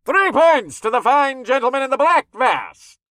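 A man putting on a booming tournament announcer. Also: very animated, sharp tone, dry recording, clean studio sound, heavily acted. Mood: grandiose. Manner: theatrical, drawn-out proclamations. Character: booming showman announcer of a fighting tournament, male. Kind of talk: audiobook character voice.

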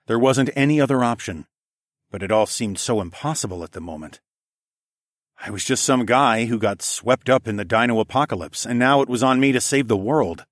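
A man reading a first-person audiobook in a steady, even storytelling voice. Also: on the low side, no echo, studio quality. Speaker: audiobook narrator.

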